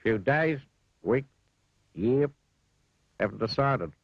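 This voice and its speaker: A man's voice: mid-range voice, expressive, takes it slowly, vocal fry, husky, dry recording, lo-fi sound, voice pushed up, heavily acted. A man voicing a jolly, clumsy male cousin in a storybook reading, in a raised, cheerful voice. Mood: cheery.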